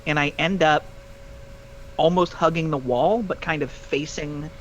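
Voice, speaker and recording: A man's voice: a little high, measured pace, fairly bright tone, slight background noise, poor audio. A man playing a tabletop game, describing his moves hesitantly with many fillers. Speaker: player. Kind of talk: tabletop game role-play.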